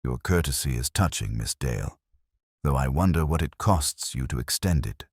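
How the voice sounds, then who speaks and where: Man reading aloof genius detective, very deep voice, husky, precise formal delivery. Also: lively intonation, a little mellow, no echo, clean studio sound, heavily acted. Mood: cold. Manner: measured, precise, dryly formal. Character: stout, aloof male genius detective, older. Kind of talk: audiobook character reading.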